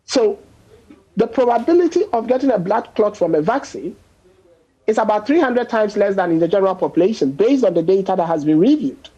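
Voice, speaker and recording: A man speaks as a doctor on a news panel, husky and mellow in tone. He presses his case hard with figures and everyday comparisons. The sound comes over a dull, lo-fi remote link. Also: sits high, expressive, brisk. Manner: emphatic, explains with statistics and everyday examples. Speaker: doctor guest. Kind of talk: panel discussion on a news show.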